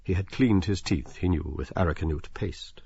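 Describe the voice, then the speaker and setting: Deep husky male audiobook narrator. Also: normal speed, lo-fi sound. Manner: expressive, slips into characters' inner voices.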